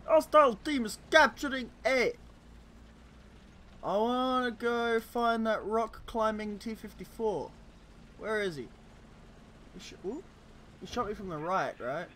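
Male game streamer, high and lively voice, slow easygoing delivery, chatty and profane. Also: a little hiss or hum. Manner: chatty, talks to teammates on screen, swears freely; cheerful, quick to laugh. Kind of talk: casual gameplay commentary.

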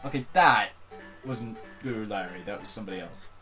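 A man giving casual, joking gaming commentary, animated and swearing often. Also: fairly low pitch, brisk, soft background music. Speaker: let's play co-host.

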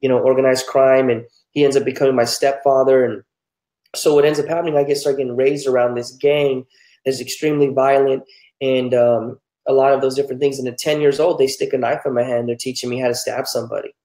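Earnest pastor in a roomy space. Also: male voice, mid-range voice, level tone, a little fast, mellow. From New Mexico, United States. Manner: candid, earnest storyteller. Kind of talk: telling his life story in an interview.

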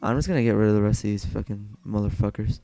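A man's voice: fairly low pitch, fast talker, dark tone, no echo, soft background music. A young man giving casual solo gameplay commentary, self-mocking and swearing a lot as he mutters to himself.

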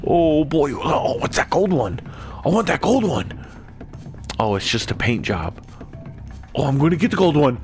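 A man giving casual gameplay commentary as a gaming channel host, excitable and swearing, swinging from muttered whispers to loud whoops. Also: a little high, measured pace, pauses often. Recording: voice over loud game music. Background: game music.

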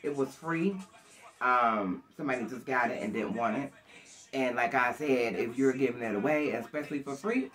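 A woman's voice: very deep voice, normal speed, soft background music. Chatty older woman showing off her bargains. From Buffalo, New York. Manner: chatty, animated, addresses viewers directly. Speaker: thrift haul vlogger. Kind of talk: casual chat to camera. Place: at home, alone. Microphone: camera.

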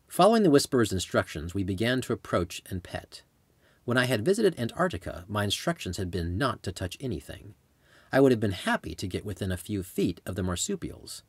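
A man reading his own travel memoir aloud in measured, descriptive storytelling. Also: on the low side, slightly rough, no room sound. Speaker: author narrating his memoir. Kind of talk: scripted audiobook narration.

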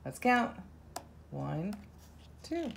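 A woman reading a children's counting book aloud, counting softly and slowly. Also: medium pitch, big pitch swings, creaky, slight background noise. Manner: slow, soft counting. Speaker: narrator.

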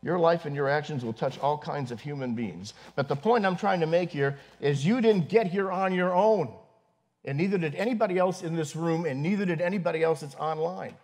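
A man's voice: a little high, darkish tone. Earnest man preaching a sermon. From northern United States. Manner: earnest preaching with pauses and fillers, rising for emphasis. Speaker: pastor. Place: church congregation.

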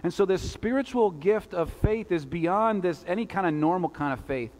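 A man's voice: high voice, animated, normal speed, a little mellow. A male pastor preaching a sermon in a conversational style, with rhetorical asides to the congregation. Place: church sanctuary. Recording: long church reverb.

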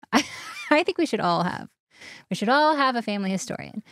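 A woman's voice: fairly high pitch, very animated, normal speed, fairly bright tone, no room sound, clean studio sound. A woman co-hosting a casual podcast, leading the story from her notes and laughing often. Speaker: podcast co-host.

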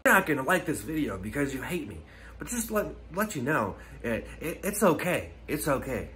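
A man's voice: fairly high pitch, very animated, moderate pace, sharp tone, slight background noise. A man giving a comedic, rambling rant to unseen haters, full of rhetorical questions and swearing, recorded outdoors on a hike. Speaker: comedy vlogger.

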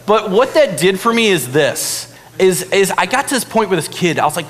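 A man's voice: sits high, expressive, normal speed, hardly any pauses, fairly bright tone. A young man preaching a casual storytelling sermon, chatty and conversational, with lots of asides to the audience. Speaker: pastor. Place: church hall. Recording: long hall reverb.

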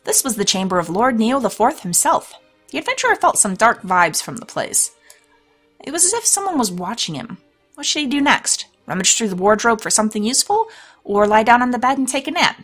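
A woman's voice: a little high, very animated, fairly quick, a bit bright, soft background music. A woman hosting a let's play, reading a storybook game aloud with chatty, laughing asides. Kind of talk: let's play narration and commentary.

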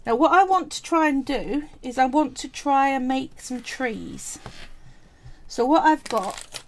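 Cockney lady doing a live clay craft demo, unhurried and a bit high, chatty, faint hiss behind. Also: animated, a little mellow. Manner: chatty, thinking aloud while working. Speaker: polymer clay crafter and streamer.

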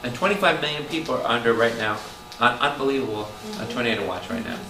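A man, a priest, preaching a Bible study to a congregation, animated and calling out questions to the room. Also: mid-range voice, quick pace. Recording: roomy hall taped from a distance with noise.

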